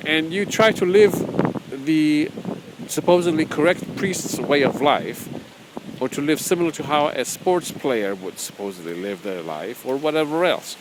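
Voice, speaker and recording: A man's voice: medium pitch, a little hiss or hum, rough recording. A man as a spiritual teacher, talking casually and rambling through his own book, repeating phrases and chuckling often.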